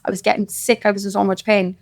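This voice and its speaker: A woman with a Cork Irish accent talks as a podcast guest, her voice carrying a gravelly, creaky texture. She tells her story in loose, rambling, emphatic casual chat. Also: mid-range voice, flat delivery, fast talker. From Cork, Ireland.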